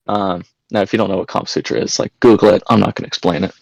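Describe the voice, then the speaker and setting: A young man with a low, gravelly voice tells prank-call stories on a podcast, crude and loose. The sound is dry and close, with no room around it. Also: steady tone, racing, hardly any pauses, a little mellow, no room sound, low-quality recording. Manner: storytelling, crude jokes, acts out voices. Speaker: podcast guest. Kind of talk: casual chat.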